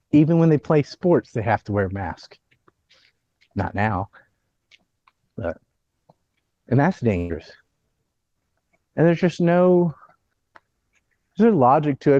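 A man's voice: mid-range voice, a little mellow, lo-fi sound. A man hosting a casual political chat, blunt and opinionated, ranting about the news.

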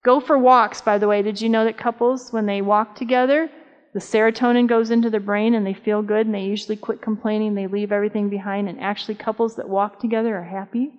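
A woman in her fifties delivers a conversational, humorous sermon at a church camp meeting, speaking fast at a medium pitch with a steady tone. She tells stories and poses questions to the audience, and the recording sounds dull with long hall reverb.

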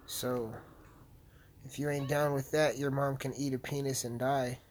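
A young man rambles through a profane, brash podcast monologue while gaming, his voice sitting at an ordinary mid pitch. Faint ambient noise sits behind him. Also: little pitch movement, a little slow. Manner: brash, swearing constantly, rambling. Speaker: podcast host.

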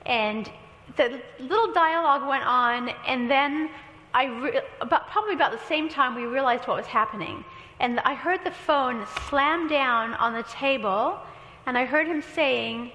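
A woman's voice: high-pitched, a little slow, sharp tone. A woman pastor preaching a sermon, telling a story with quoted dialogue and light humor. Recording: echoey hall with long reverb.

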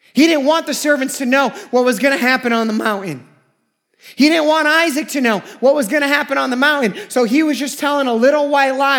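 A man preaching a sermon as pastor, emphatic and repetitive, swinging from loud lines to hushed ones. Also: extremely high pitch.

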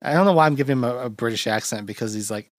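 A man's voice: medium pitch, rapid-fire, no echo, studio quality. A man hosting a casual podcast chat about a film, rambling and laughing often. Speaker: podcast host.

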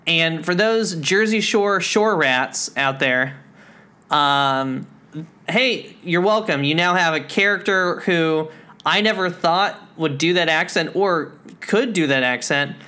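A podcast co-host in playful, casual chat, with many ums and quick silly voices. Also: mid-range voice, animated, bright, forceful tone.

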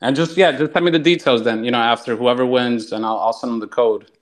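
A man's voice: medium pitch, fairly even intonation, fast. Chatty rambling man on a voice call. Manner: chatty and rambling, full of "like" and "you know". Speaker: community member offering giveaways. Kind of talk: casual chat on a community voice call. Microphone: online voice call.

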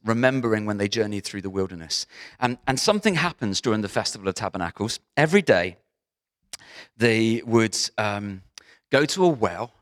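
A man preaching a sermon as pastor, talking in a lively, conversational way with frequent asides to the congregation. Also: mid-range voice.

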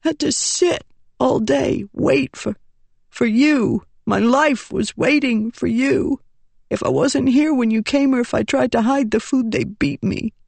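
A narrator voicing a badly injured young boy who whispers and hisses bitter accusations in a weak, high voice. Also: measured pace, creaky, darkish tone, husky, no echo, exaggerated voice. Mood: bitter accusing. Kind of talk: audiobook character voice.

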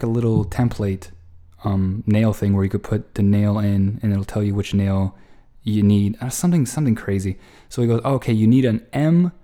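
A man spins a long, meandering anecdote, cursing freely and tripping over his own restarts. His voice sits slightly low and has a dark, mellow tone. He sounds exasperated as he recounts his frustrations. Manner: rambling, profane, lots of restarts; exasperated, animated retelling. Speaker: storyteller. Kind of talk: casual anecdote monologue.

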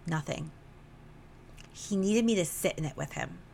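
Brief: young woman host, lowish voice, emotional confessional monologue, salty language, faint background hum. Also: a little slow, gravelly. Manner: emotional, swears freely, animated retelling. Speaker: podcast host. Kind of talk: candid personal podcast monologue.

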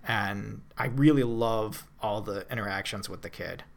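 A man's voice: lowish voice, normal speed, creaky. A man co-hosting a podcast, chatting casually and animatedly about a film he reviewed, with many restarts and fillers. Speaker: podcast co-host.

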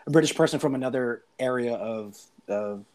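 A man's voice: medium pitch, moderate pace. An American man co-hosting a movie podcast, laid-back and easygoing, often restarting his sentences and calling his friends bro. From United States. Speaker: podcast co-host. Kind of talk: casual movie review chat.

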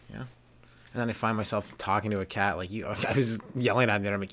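A man's voice: fairly low pitch, fairly even intonation, racing, fairly bright tone. A young man hosting a comedy podcast, rambling through a casual monologue, swearing and laughing at his own jokes.

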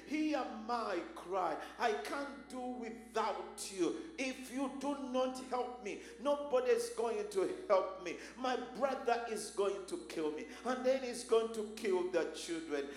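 A desperate man cries out in loud, fervent prayer, begging for mercy and help, as a preacher acts him out. The voice sits very high for a man. It rings through an echoey church hall with faint music behind. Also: expressive, measured pace, hardly any pauses.

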